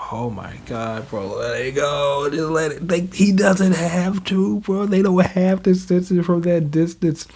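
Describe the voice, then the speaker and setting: A man hosting a casual manga reaction, talking in a slangy, animated way, laughing often and calling everyone "bro". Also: on the high side, measured pace, gravelly, hardly any pauses.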